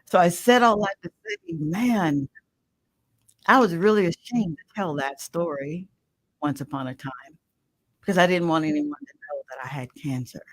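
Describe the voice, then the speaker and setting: Middle-aged woman guest, radio host herself; passionate testimony with sudden hushed drops, dry sound. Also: low-pitched, moderate pace, dry recording, low-quality recording. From Mississippi. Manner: impassioned, swings from loud emphatic to hushed. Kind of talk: emotional personal testimony.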